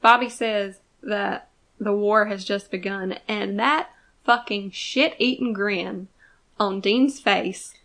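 A woman chatting on a casual podcast, blunt and quick with her asides. She swears easily in a relaxed, conversational way. Her voice has a middle pitch. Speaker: podcast co-host. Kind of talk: casual fan podcast chat.

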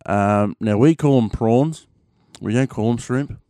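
A man's voice: mid-range voice, unhurried, warm tone, clear, resonant tone, no echo, studio quality. A young Australian man chatting casually on his own show, rambling with lots of fillers and the odd swear word. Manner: rambling, many fillers and restarts, mild swearing. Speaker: podcast host. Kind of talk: casual solo chat.

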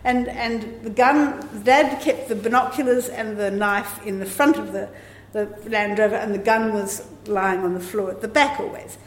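A woman's voice: mid-range voice, fairly even intonation, normal speed, a little hiss or hum. Woman, sixties, live storyteller, rambling, echoey room, faint ambience. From Australia. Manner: chatty, rambling with restarts.

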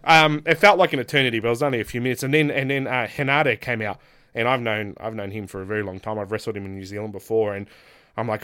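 A man's voice: mid-range voice, quick pace, a bit bright. A man, a pro wrestler, telling stories on a casual podcast, laughing often and acting out quotes in different voices.

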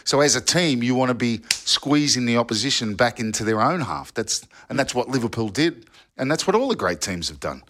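A former footballer telling old yarns in a casual podcast chat, rambling with restarts and asides. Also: male voice, mid-range voice, sing-song, a little fast, a bit bright. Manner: rambling storyteller with restarts and "you know". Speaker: football pundit, former player.

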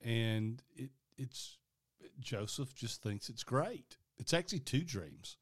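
A man's voice: mid-range voice, animated, slow pace, husky. A man co-hosting a casual faith podcast, easygoing and jokey as he explains scripture. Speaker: podcast co-host.

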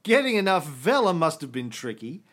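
A man hosting a casual history podcast, explaining events with quick jokes and the odd swear word. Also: a little high, sing-song, fairly bright tone. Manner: jokey, swears, quick asides. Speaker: podcast host.

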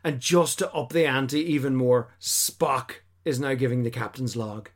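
A man hosting a casual podcast chat, animated and acting out quotes in silly voices. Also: mid-range voice, measured pace. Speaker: podcast host.

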